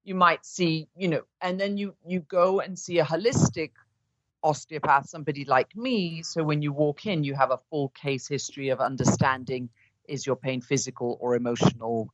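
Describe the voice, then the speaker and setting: A woman's voice: low voice, moderate pace, dry recording, lo-fi sound. A woman from Greece, an osteopath guest on a podcast interview, explaining her work in a chatty, step-by-step way. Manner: conversational, explains step by step with lively asides.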